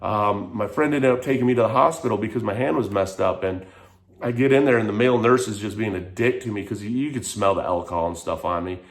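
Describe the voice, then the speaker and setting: A man's voice: lowish voice, quick pace. A man frankly telling a personal story in a vlog, emotional and rambling, with lots of "like". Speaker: vlogger.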